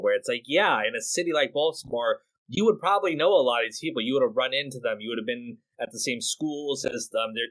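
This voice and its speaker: A man hosting a podcast in casual chat. His voice is bright and forceful, and he works through his thoughts aloud, often repeating words as he restarts. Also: medium pitch, low-quality recording. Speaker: podcast host.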